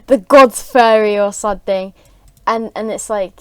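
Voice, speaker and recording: A woman's voice: mid-range voice, measured pace, smooth, dry recording. A woman improvising a rambling story, full of fillers and restarts, on a close home mic. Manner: rambling, filler-heavy, giggly.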